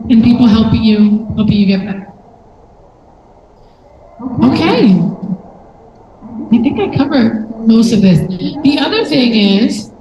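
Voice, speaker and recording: A woman from the Dominican Republic with a Dominican accent, coaching a workshop class on how to pitch, lively and encouraging. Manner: lively, coaching, mixes in Spanish asides. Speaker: workshop instructor. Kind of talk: lecture on pitching. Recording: echoey room with background noise.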